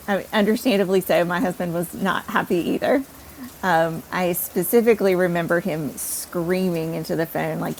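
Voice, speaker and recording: A woman podcast host telling a personal story in an animated, self-deprecating way. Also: fairly low pitch, vocal fry, slight background noise, poor audio.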